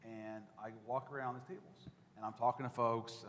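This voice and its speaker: A man's voice: lowish voice, a little fast, hardly any pauses, fairly bright tone, slight background noise. A man, a political reporter, telling campaign stories to an audience in a conversational, anecdotal way, with fillers and restarts. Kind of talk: talk to an audience. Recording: echoey hall with long reverb.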